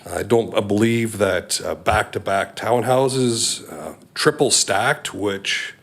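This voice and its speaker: Low-voiced man addressing town council. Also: a bit bright. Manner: measured, many ums and uhs. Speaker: resident speaking at council meeting. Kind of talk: public comment.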